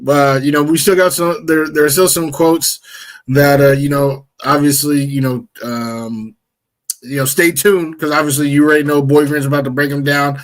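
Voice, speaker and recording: A man co-hosting a casual sports show, laid-back and hyped, with lots of fillers. His voice sits a little high for a man. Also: level tone, moderate pace. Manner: laid-back, hype-talking, filler-heavy. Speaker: sports talk show co-host. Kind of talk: casual sports radio chat.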